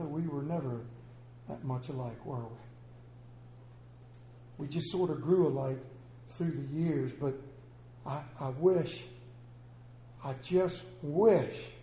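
A man doing an old widower, halting and tender. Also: fairly high pitch, dark tone, reverberant, slight background noise, rough recording. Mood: grieving, tender. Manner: halting, speaks tenderly to his late wife. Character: grieving old widower, later roused and gruff.

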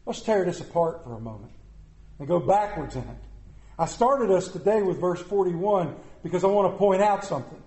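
A middle-aged man with a drawl delivers a sermon from the pulpit, leaning on repetition and long dramatic pauses. His voice sits high yet sounds mellow and soft-edged. The sound carries the echo of a church hall. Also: expressive. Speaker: pastor. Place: church sanctuary. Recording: echoey room.

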